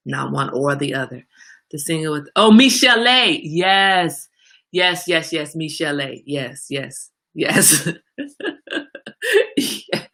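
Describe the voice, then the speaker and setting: A woman hosting a casual livestream, answering viewer comments by name in an animated way. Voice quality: gravelly low voice. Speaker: livestream host.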